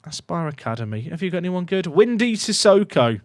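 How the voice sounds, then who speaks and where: Guy talking to chat over his game, bit high, pitch all over, dry close sound. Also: fast talker, no room sound. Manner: excitable, swings from muttering to shouting. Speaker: gaming YouTuber. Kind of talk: casual gameplay commentary to live chat.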